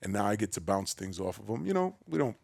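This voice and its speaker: A man from the Bronx with a New York accent, a podcast guest telling his story in a big, loud, boisterous way. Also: sing-song, fast talker, gravelly, dry recording, clean studio sound. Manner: acts out quoted voices with a raised pitch. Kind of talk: casual storytelling conversation.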